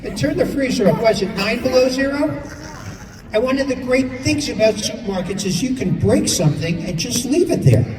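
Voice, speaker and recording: A man from New York doing a stand-up comedy set on stage, exasperated and acting out people in quick bits. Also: very high-pitched, expressive, background noise. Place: stage in a large hall with a live audience. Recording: distant, echoey hall with crowd laughter.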